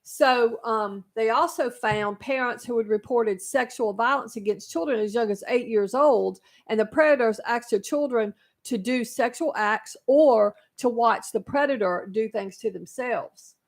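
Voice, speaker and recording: A woman's voice: fairly high pitch, unhurried, hardly any pauses. A woman co-hosting a talk radio show, earnestly explaining a concern with frequent ums. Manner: earnest, informative, many ums.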